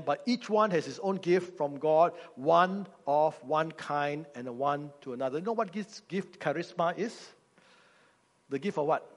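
Guy preaching, high voice, joking around, asks the crowd stuff, long echo in a church hall. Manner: humorous, teacherly, asks the congregation questions. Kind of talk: sermon.

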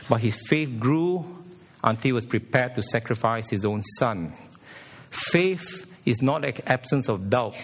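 In a church, a pastor delivers an animated sermon, moving his pitch around for emphasis and performing quoted lines.

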